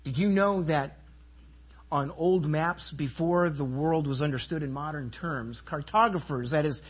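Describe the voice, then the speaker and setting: A man preaching a sermon in a slightly raised, husky voice. He leans hard on key phrases and throws questions out to the congregation. The recording sounds dull and lo-fi. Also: a little high, unhurried. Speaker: pastor.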